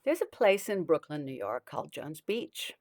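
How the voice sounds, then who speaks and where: Low-voiced woman telling an animated joke. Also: moderate pace, no echo. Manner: animated, swooping joke delivery. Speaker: storyteller. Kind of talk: comic storytelling.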